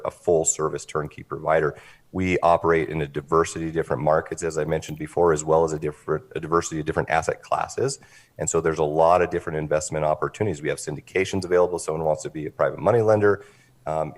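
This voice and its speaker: A man with an extremely low voice answers interview questions quickly and with confidence, like a sales pitch. His delivery stays steady and self-assured. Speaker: guest, company founder.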